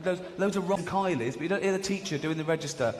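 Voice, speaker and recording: Performing in a big theatre to roaring laughter, this English stand-up comic in middle age speaks fast in a fairly high voice, keeping a mocking, chatty tone broken by frequent stammered restarts. The live recording carries a little hiss or hum.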